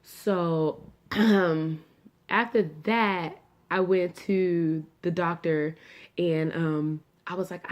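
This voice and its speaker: A woman's voice: on the low side, steady tone, extremely slow, muffled recording. A young adult woman vlogging, telling her own story in a casual, chatty way, full of fillers and asides to viewers. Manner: chatty, filler-heavy, addresses viewers as y'all.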